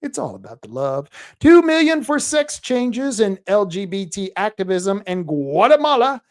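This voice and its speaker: A man's voice: high voice, big pitch swings, normal speed. Man, talk show host, sarcastic rant, crude jokes, commentary monologue.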